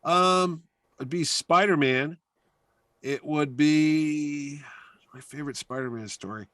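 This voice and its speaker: A man telling anecdotes as a guest in a casual interview, talking through long stories with animated energy. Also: fairly high pitch, takes it slowly, no echo, clean studio sound. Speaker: comic convention organizer, podcast guest; weekly radio show host.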